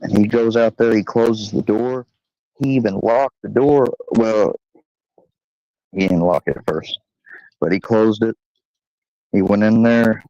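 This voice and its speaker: A man's voice: on the low side, a little slow, pauses often, mellow, no room sound. A young man telling a long, profane story in a rambling, casual way, full of fillers. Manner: rambling and profane, with many fillers and acted quotes. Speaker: channel host telling a story. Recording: dry, slightly dull home recording.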